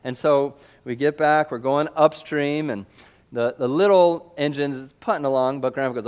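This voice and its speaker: A man from Missouri telling a lively personal story in a sermon, acting out sound effects and voices. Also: on the high side, moderate pace, clear, resonant tone.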